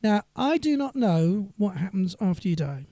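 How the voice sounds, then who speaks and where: Man, high voice, mellow tone, chatty rambling musician on a live stream. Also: very animated, moderate pace, no room sound, studio quality. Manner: chatty and rambling, reads viewer comments aloud. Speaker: singer-songwriter. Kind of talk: live stream chat between songs.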